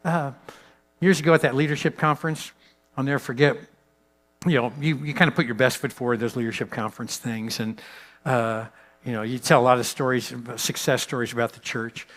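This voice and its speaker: A man giving a leadership talk to pastors as a guest speaker. He tells stories with lively swings in pitch and loudness, and drops to a soft, slow voice for emphasis.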